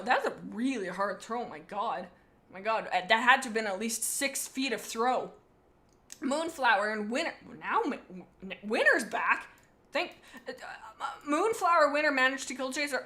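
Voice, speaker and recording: A woman's bright, slightly high voice reads fan fiction out loud. She keeps stopping for goofy, playfully sarcastic asides, and her delivery stays lively and animated throughout. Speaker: channel host reading fan fiction. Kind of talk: comedic reading with commentary.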